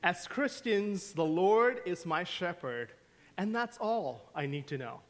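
Man, pastor, sermon, fairly high voice, slow deliberate delivery, hushed to emphatic. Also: expressive. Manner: storytelling, swings from hushed to emphatic. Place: church sanctuary.

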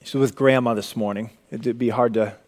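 A young adult man preaching a sermon, swinging from loud, emphatic lines to hushed, low passages. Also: fairly even intonation, moderate pace. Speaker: pastor.

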